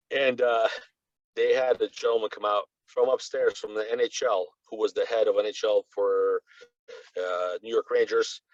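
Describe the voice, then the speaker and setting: A man's voice: on the low side, a little slow, long pauses, dull audio. Rambling Russian-born man telling a story. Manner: animated and rambling, lots of "you know" fillers. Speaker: guest reporter. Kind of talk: casual conversational storytelling.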